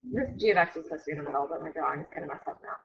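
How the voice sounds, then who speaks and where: A woman's voice: low-pitched, very fast, gravelly. A woman teacher giving a casual classroom math lecture, chatty and often correcting herself. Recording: dull lo-fi recording.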